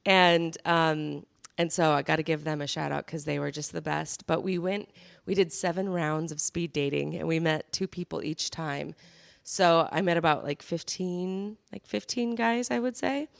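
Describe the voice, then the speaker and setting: A woman's voice: low voice, normal speed, creaky, no room sound, clean studio sound. A woman co-hosting a podcast, telling stories in a bubbly, gushing casual chat. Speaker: podcast co-host.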